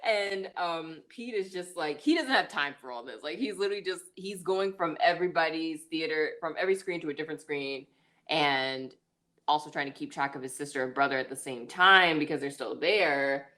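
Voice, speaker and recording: A woman with a low voice talks through a movie's plot in a loose, casual podcast recap. She fills her sentences with "like" and "um" and laughs now and then. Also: normal speed, pushed and bright. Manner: chatty, full of "like" and "um". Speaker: podcast co-host.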